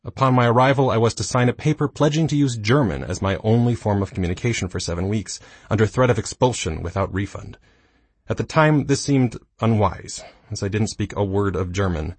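A man in his thirties reading his own nonfiction book aloud, with dry, self-mocking humor and a slightly husky voice. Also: on the low side, brisk, no room sound. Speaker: audiobook narrator. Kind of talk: scripted nonfiction narration.

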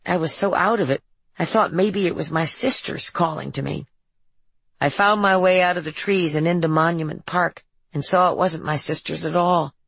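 A woman's voice: on the low side, vocal fry, no echo. Woman voicing an earnest troubled teenage boy. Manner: earnest, halting confessional telling.

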